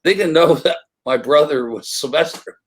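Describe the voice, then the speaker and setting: An older man, an interview guest on a remote call, telling animated stories and acting out other people's voices. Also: fairly high pitch, moderate pace, rough recording. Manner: animated, acts out voices in anecdotes. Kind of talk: casual storytelling.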